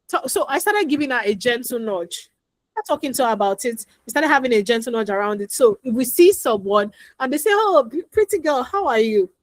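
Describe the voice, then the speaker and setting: Woman, parenting coach, fairly high voice, dry close sound, chatty and repetitive. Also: lively intonation, a little fast, no echo. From Nigeria. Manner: chatty, repeats advice, acts out dialogue. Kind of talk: instructional talk with anecdotes.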